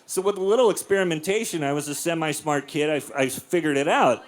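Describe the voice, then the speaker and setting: On a club stage, a man in his forties does stand-up, telling crude stories deadpan before bursting into loud, acted-out voices. His pitch is fairly high and he talks a little fast.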